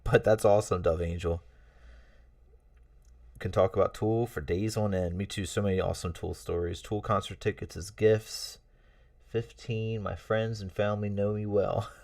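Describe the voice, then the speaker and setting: Low-voiced man chatting on a livestream. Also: fairly even intonation, normal speed, creaky, darkish tone, no echo, recorded from a distance. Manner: rambling and friendly, with many fillers and chuckles. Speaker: livestream host. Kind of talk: casual livestream chat reading out chat messages.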